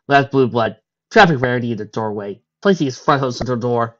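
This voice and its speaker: A woman reading a fan story aloud, narrating quietly and quickly between the characters' lines. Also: very deep voice, a little hiss or hum. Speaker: fan fiction reader. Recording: dull lo-fi recording.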